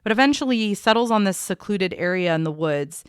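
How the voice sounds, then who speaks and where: A woman co-hosting a true crime podcast, recounting case details in a measured, conversational way. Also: mid-range voice, animated, smooth, no echo, clean studio sound.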